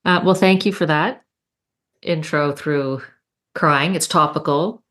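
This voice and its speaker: A woman's voice: deep voice, takes it slowly, a bit bright. A woman hosting a casual interview, phrasing her questions thoughtfully and searching for words. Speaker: podcast host.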